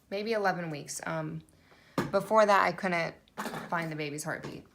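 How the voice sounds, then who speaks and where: A woman with a notably low voice talks to camera in a casual vlog. She rambles along with plenty of fillers and restarts. A faint hum of background noise sits under her voice. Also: unhurried. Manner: rambling, chatty, lots of fillers. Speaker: vlogger. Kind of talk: casual pregnancy update vlog.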